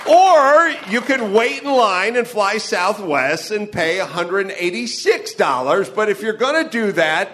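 A man with a somewhat higher-than-usual voice rants through a live stand-up set, swearing freely and tossing off dry asides. He is from the Los Angeles area and talks into a stage mic to a live venue. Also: very animated, a little slow, hardly any pauses, fairly bright tone, some chatter behind. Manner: profane, ranting, wry asides. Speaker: comedian performing live. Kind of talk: stand-up comedy monologue.

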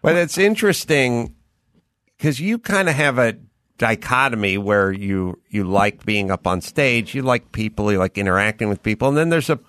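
A man's voice: medium pitch, lively intonation, normal speed, fairly bright tone, no room sound, clean studio sound. Easygoing male interviewer. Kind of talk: conversational interview.

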